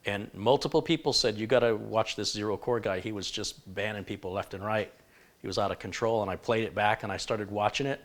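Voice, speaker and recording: A man's voice: on the low side, brisk. A man hosting a live computer-building stream, talking frankly and shifting between stern remarks and chatty thanks. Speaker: livestream host.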